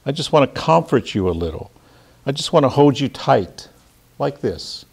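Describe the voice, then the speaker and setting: A man's voice: medium pitch, big pitch swings, moderate pace, gravelly, a little mellow, husky, pitched above the performer's own voice, exaggerated voice. A man reading a menacing monologue aloud as a sinister seducer who repeats himself insistently. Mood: coaxing.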